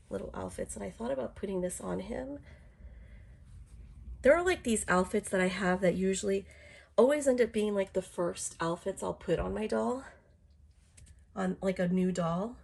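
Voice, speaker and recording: A woman's voice: medium pitch, gravelly, darkish tone, a little hiss or hum. A middle-aged woman with a cold, chatting on a live stream in a rambling way full of fillers and restarts, sounding congested. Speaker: doll collector streaming live. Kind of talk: casual live-stream chat.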